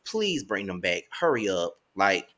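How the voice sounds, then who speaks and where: Male gossip co-host, bright tone, lively and expressive delivery. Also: sits low, measured pace. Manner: animated, swings between loud and soft. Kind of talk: casual gossip chat.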